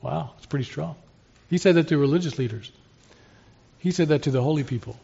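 A man with a slightly high, dark, creaky voice and a slightly rough texture preaches briskly. His expository sermon is earnest and conversational, posing rhetorical questions and answering them, in a slightly dull lo-fi recording.

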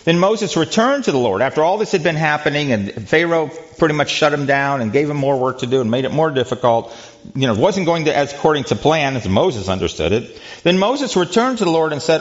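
A man's voice: medium pitch, very animated, brisk. A man leading a conversational Bible teaching, asking his listeners rhetorical questions, with frequent ums and restarts. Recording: dull lo-fi recording.

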